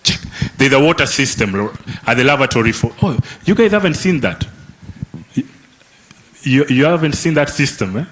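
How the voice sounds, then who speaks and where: His voice is mid-range and expressive, fairly bright, at normal speed, with a little hiss or hum. He's a Kenyan workshop facilitator leading a lively youth summit session in a conference hall, teasing listeners and tagging questions with "eh?" and "okay?".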